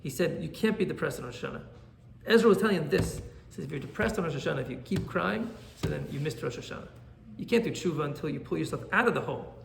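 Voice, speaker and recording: A man, a rabbi, teaching an animated Torah class and often checking in with "right?". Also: fairly high pitch, fast, creaky, roomy sound, slight background noise.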